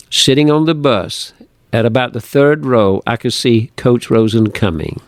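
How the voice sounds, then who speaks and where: Brief: man narrating his own book, earnest and measured, dry close sound, mid-range voice. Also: medium pitch, dry recording. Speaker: author reading his book. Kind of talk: reading narration.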